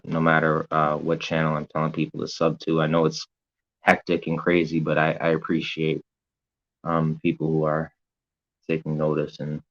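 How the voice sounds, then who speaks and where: A man's voice: very deep voice, muffled recording. A man live-streaming in a casual, rambling way, reading viewer comments aloud with lots of fillers and some swearing. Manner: rambling and hesitant, full of fillers and profanity.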